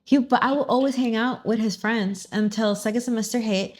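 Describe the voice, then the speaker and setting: Animated young woman telling a story. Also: on the high side, fairly quick. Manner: animated storyteller, acts out quotes, mixes in Spanish phrases. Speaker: vlog host. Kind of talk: casual storytelling chat.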